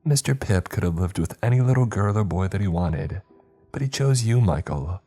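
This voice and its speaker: Man doing a high sing-song closet clown Mister Pip. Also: animated, moderate pace, mellow, faint music behind. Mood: cheery. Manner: high-pitched sing-song, refers to himself by name. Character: sing-song clown spirit in a closet, cheery but menacing.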